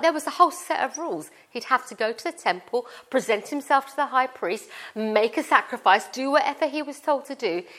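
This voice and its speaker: A woman's voice: fairly high pitch, fairly bright tone. A middle-aged woman with a British accent preaching a sermon in a chatty, informal way, explaining through everyday family stories. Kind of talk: conversational sermon.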